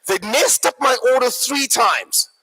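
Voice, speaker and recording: Very high-voiced bright male workshop speaker. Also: measured pace, husky, low-quality recording. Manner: animated, joking storyteller addressing the audience. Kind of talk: live motivational workshop talk.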